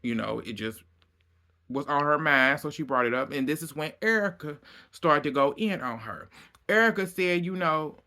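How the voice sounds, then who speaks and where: A man giving a casual, animated recap of a TV episode, acting out what people said and often breaking into laughter. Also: fairly high pitch, normal speed. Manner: animated storyteller, acting out quotes, frequent laughter. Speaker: reality TV recap host.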